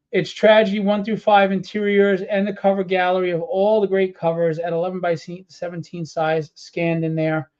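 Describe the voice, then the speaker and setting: A man's voice: high voice, a little mellow, highs cut off. Tired, frustrated man on a live stream. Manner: rambling, audibly frustrated and annoyed, with many fillers. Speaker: comic book publisher presenting his campaign. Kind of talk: casual live-stream walkthrough.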